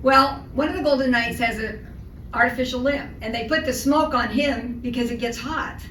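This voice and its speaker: Older woman telling lively stories in an echoey hall. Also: a little high, normal speed. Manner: lively, animated anecdotes with comic timing. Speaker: guest speaker. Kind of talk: storytelling speech. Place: luncheon hall. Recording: echoey hall from far off, noisy.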